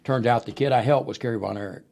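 A middle-aged man with a gravelly, low-middle voice, spinning long anecdotes in a studio interview. He slips into the voices of the people he quotes as the stories roll on. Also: fast. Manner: animated storyteller who acts out quoted voices. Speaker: wrestling booker and promoter, podcast guest. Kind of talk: storytelling interview. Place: podcast studio.

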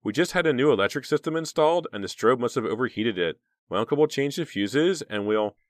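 A man's voice: mid-range voice, animated, fairly quick, no echo, studio quality, pitched above the performer's own voice, close to an everyday voice. A man voicing a frightened teenage girl hostess. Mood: scared. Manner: frightened, raised voice.

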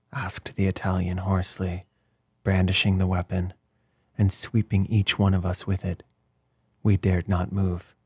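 Man reading a story aloud, dark mellow tone, super husky, pretty low. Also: monotone, measured pace, dry recording, studio quality. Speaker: audiobook narrator. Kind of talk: first-person storybook narration.

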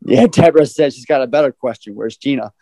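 A man's voice: medium pitch, fast, dark tone, no echo, low-quality recording. A man hosting a podcast, casually summarizing a film's plot in a loose, profane way. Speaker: podcast host. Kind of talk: casual film recap chat.

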